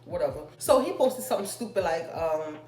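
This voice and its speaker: Lively intonation marks this young woman's fairly low, slightly mellow voice. Vlogging a personal story, she chats and wanders, lengthening her fillers, with faint music in an echoey space.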